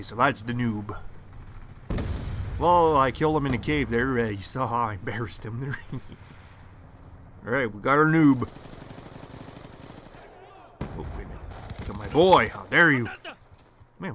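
A young man commenting on his own online shooter match, muttering to himself one moment and yelling curses the next. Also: mid-range voice, a little hiss or hum. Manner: swings from muttering to loud swearing rants. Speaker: gaming commentator. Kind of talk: live gameplay commentary.

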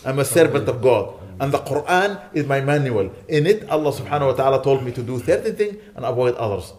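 A man giving a mosque lecture as a sheikh, preaching with fervent emphasis that softens into quiet prayer. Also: medium pitch, lively intonation, quick pace.

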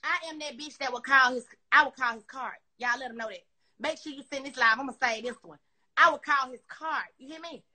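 A woman's voice: sits high, a little fast, bright, forceful tone, breathy edge. A woman ranting angrily on a phone live stream, cursing constantly and repeating herself as she confronts her critics. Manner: heated, cursing, repetitive and confrontational. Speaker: social media personality on a live stream. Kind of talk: profane angry rant on a live stream.

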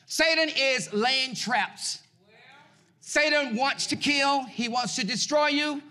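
A pastor preaches with a strikingly high, bright and forceful voice. He exhorts the congregation, calling out to them, and jumps between loud shouted peaks and quieter asides. He sounds middle-aged. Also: slow. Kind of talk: sermon.

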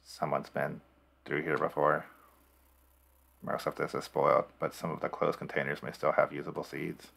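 A man voicing a gravelly deep android. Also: flat delivery, moderate pace, fairly bright tone, exaggerated voice. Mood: matter-of-fact. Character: gruff male android reading its logs.

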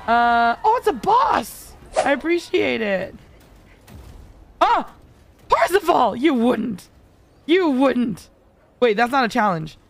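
A woman's voice: sits high, big pitch swings, slow pace, gravelly, pauses often, slight background noise. A woman streaming a co-op game, chatting casually and teasing her teammates with lots of giggles. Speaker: VTuber streamer. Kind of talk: casual gaming stream chat.

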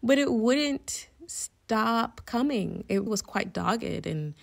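A woman guest on a podcast, telling a personal story in an animated way, often laughing and acting out her own reactions. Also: fairly high pitch, slow, vocal fry.

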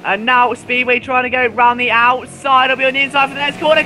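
High-voiced excitable race commentator. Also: male voice, fast talker, a little hiss or hum. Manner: excitable, rising to near shouts at overtakes. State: voice going hoarse. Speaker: sim racing commentator.

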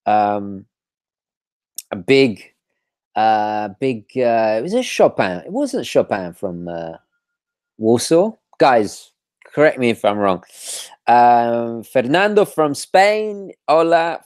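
A man hosting a live stream, greeting viewers from the chat in a relaxed way with frequent ums and restarts. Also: mid-range voice, slow pace, pauses often, clean tone, dry recording, clean studio sound. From London. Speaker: watch channel host.

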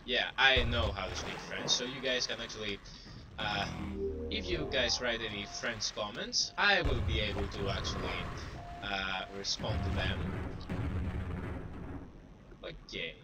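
A young man casually narrates his gameplay in a lowish, unhurried voice, pausing often as he rambles, runs himself down, and taunts enemies. Music plays in the background, and the distant, cheap desktop mic picks up clear background noise.

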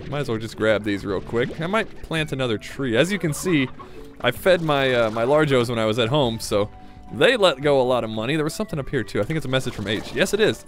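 A man giving casual, self-mocking commentary while playing a video game, reacting excitedly to each new find. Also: medium pitch. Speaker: gaming video host.

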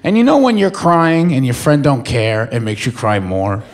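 Animated young comedian, lively pitch swings. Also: male voice, moderate pace. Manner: animated, swearing, jumps between loud and mumbled. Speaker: stand-up comedian. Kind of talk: stand-up comedy storytelling. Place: comedy stage before a live audience. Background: faint audience laughter.

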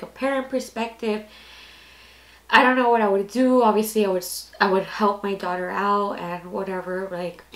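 A woman in her twenties telling a personal story casually, rambling and candid, with lots of "like" fillers. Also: medium pitch. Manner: candid, rambling, heavy use of "like". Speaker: storytime vlogger. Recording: echoey room.

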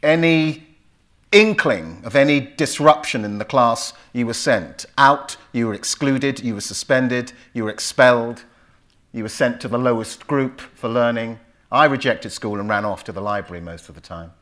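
A man's voice: medium pitch, moderate pace. A man in his fifties with a London accent, telling stories to an audience at a club event and acting out the voices in them. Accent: London English. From England. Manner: animated storyteller, acts out voices in dialogue. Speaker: author giving a talk. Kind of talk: storytelling speech to an audience.

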